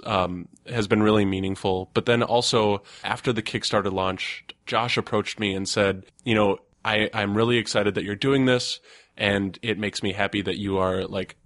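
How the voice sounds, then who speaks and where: Earnest low-voiced man, casual chat. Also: a bit bright, dry recording, clean studio sound. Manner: earnest, lots of fillers and restarts, laughs often. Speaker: tabletop game designer.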